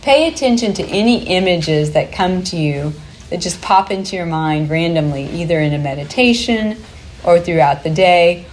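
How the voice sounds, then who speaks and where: A woman's voice: fairly low pitch, expressive, moderate pace, a little mellow, slight background noise. A woman presenting a workshop to a live group, talking in a chatty, upbeat way and laughing easily.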